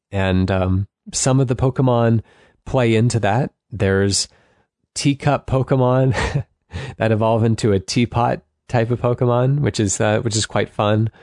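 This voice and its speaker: A man chatting casually as a podcast co-host, rambling a little and laughing softly. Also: lowish voice, no room sound, clean studio sound. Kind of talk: casual chat.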